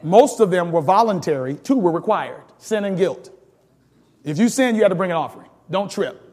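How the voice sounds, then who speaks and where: A man's voice: high voice, expressive, normal speed, darkish tone, big-room sound. A man pastor teaching a sermon with call-and-response, laughing often and building to sudden emphatic rises.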